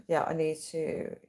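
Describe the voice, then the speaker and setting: A woman's voice: deep voice, a little mellow. A woman on a casual livestream, chatting, giggling and reading viewers' comments aloud. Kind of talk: casual live-stream chat. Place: at home late at night.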